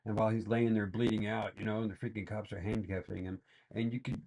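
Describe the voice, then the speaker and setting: Gravelly man ranting. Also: on the low side, little pitch movement, quick pace, darkish tone. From Texas. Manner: rambling, filler-heavy, exasperated. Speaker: reaction video host. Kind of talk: casual ranting commentary.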